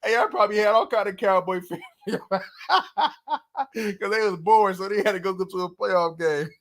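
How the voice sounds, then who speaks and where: A high-pitched man riffs on football in loose, slangy chat. He laughs often and curses freely. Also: moderate pace. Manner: animated, laughing, swearing, slangy. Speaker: sports YouTuber. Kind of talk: casual sports chat.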